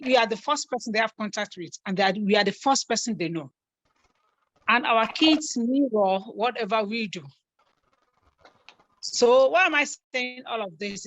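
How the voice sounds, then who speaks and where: A middle-aged woman telling stories from her family life in an earnest, animated way, repeating herself for emphasis. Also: a little high, no room sound. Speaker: guest on a talk show. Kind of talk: earnest conversational storytelling.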